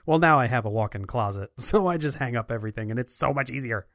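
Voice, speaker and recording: A man's voice: medium pitch, expressive, quick pace, a bit bright, dry recording, clean studio sound. A man co-hosting a podcast in casual chat, easygoing and chuckling, with playful voices for quotes. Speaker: podcast co-host.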